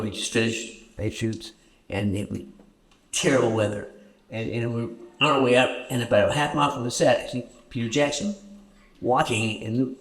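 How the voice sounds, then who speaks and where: A man from Canada answering audience questions at a festival screening, halting and repeating words often as he tells stories. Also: mid-range voice. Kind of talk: festival Q&A storytelling. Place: festival stage Q&A.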